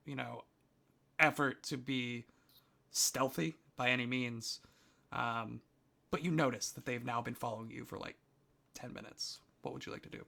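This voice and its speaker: A man's voice: mid-range voice, gravelly, pushed and bright. A man running a tabletop game as game master, narrating casually with many fillers.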